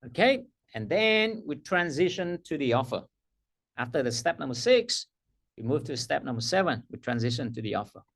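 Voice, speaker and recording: A man's voice: a little high, animated, normal speed, creaky, fairly bright tone. A middle-aged man teaching a coaching workshop, emphatic, repeating his key phrases and laughing at himself. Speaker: coaching trainer.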